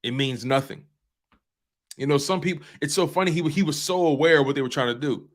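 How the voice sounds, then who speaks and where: A man's voice: fairly high pitch, quick pace. A man hosting a fan sports talk show, speaking passionately and emphatically and repeating phrases for effect. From US East Coast.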